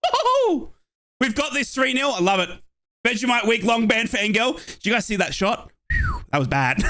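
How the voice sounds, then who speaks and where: A young Australian man giving excited fan play-by-play on a football match and chatting with viewers from his home office. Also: sits high. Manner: excitable, shouts at chances, chats with viewers. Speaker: watchalong streamer.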